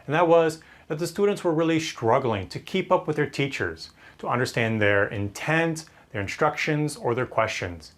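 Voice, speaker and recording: A man, a teacher trainer, explaining classroom techniques in a clear, friendly instructional video. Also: on the high side, lively intonation, moderate pace, few pauses, a bit bright.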